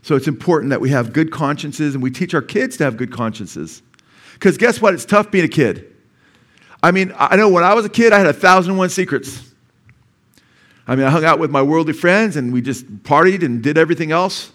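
A man's voice: on the high side, expressive, fairly quick, fairly bright tone. A middle-aged male pastor preaching a sermon in a church, talking conversationally and asking the congregation questions.

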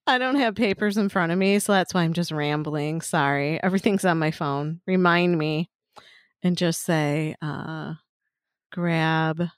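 A woman's voice: sits low, measured pace, clean tone, dry recording, clean studio sound. A woman co-hosting a podcast in casual chat, rambling and swearing with frequent laughs. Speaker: podcast co-host.

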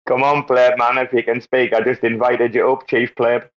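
A man hosting a casual live audio chat with loud, joking banter and free swearing. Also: mid-range voice, flat delivery, normal speed. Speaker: host. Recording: dull lo-fi online audio.

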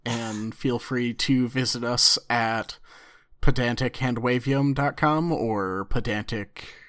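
A man co-hosting a podcast in casual chat, with a laid-back, dry, drawn-out delivery. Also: medium pitch, fairly even intonation, a bit bright. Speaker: podcast co-host.

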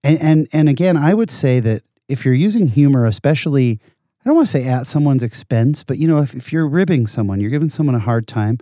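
A man in casual conversation as a guest, telling animated, self-deprecating anecdotes. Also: medium pitch, fairly quick, no room sound, studio quality.

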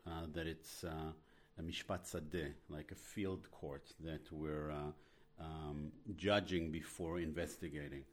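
A man speaking as a podcast guest, in a hesitant and measured way, with many pauses and fillers. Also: rumbling low, steady tone. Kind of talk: casual podcast chat.

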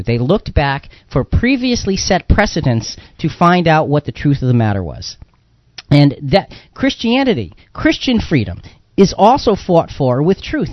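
A man hosting a live radio talk show on faith, talking in an animated, emphatic, preacher-like way. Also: fairly high pitch, no echo, highs cut off.

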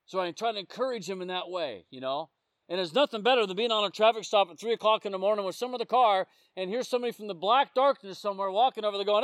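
High-voiced man preaching conversationally. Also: fast talker, dry recording. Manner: conversational storytelling, often checking in with the listeners. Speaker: police officer sharing testimony. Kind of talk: informal sermon.

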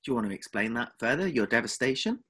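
A man's voice: mid-range voice, very animated, quick pace, fairly bright tone. A man with an Essex accent co-hosting a podcast in casual chat, teasing and protesting dramatically. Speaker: podcast co-host.

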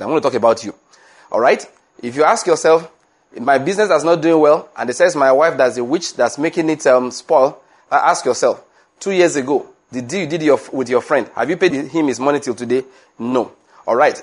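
Emphatic male preacher. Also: husky. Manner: emphatic, repeats key points, rises in pitch when pressing a point. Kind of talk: sermon.

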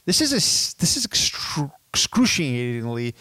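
A man in his thirties teaching business as a podcast guest, animated and casual, addressing listeners as dude and my friends. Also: on the high side, normal speed, dry recording. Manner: acts out sales calls in quoted voices.

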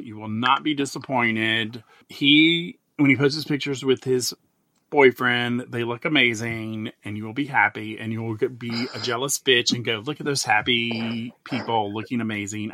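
Male podcast host, bright and dry, chatty and effusive. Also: medium pitch, dry recording. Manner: gushing, animated storyteller who acts out quoted remarks. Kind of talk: casual chat.

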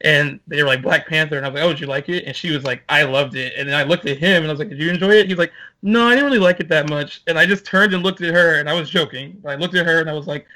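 Male co-host, quick and bright, animated anecdote teller. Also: fairly high pitch, poor audio. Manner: animated storyteller, acts out quotes. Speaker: podcast co-host. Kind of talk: casual storytelling chat.

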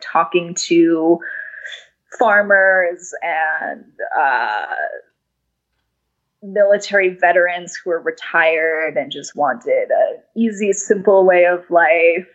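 A young woman from New York City, a hoarse-voiced interview guest talking in a rambling way. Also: on the low side, fairly bright tone. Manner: rambling, frequent restarts and laughs. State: losing her voice. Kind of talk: casual interview conversation. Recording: dull lo-fi audio.

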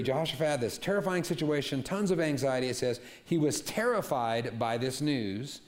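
Gravelly-voiced man preaching casually. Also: medium pitch. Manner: conversational, animated preaching with playful asides. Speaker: pastor. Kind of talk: sermon.

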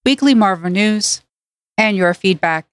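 A woman's voice: mid-range voice, animated, unhurried, noisy background. A woman co-hosting a podcast, wry and teasing in casual chat. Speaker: podcast co-host.

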